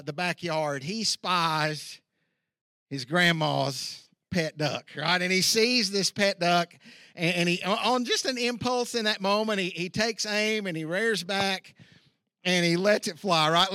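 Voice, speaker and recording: A middle-aged man preaching a sermon outdoors, telling a folksy story with lively asides. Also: high voice, no echo, clean studio sound. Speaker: pastor. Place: outdoor church service.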